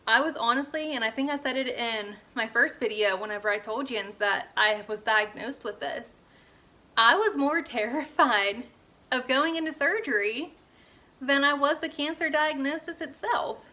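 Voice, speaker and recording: A woman's voice: high-pitched, moderate pace, bright, forceful tone. A young woman from Pittsburgh, talking earnestly in a casual personal vlog and filling her speech with "like" and "you know". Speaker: fitness vlogger.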